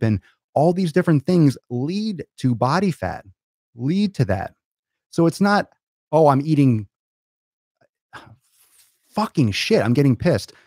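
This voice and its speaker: A man at a middle pitch rants as a fitness coach, swearing freely and hammering his points home. The sound is close and dry, with almost no room around his voice. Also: darkish tone, no room sound. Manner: blunt, profane, fired-up lecturing. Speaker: fitness coach and show host. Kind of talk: ranting monologue to camera.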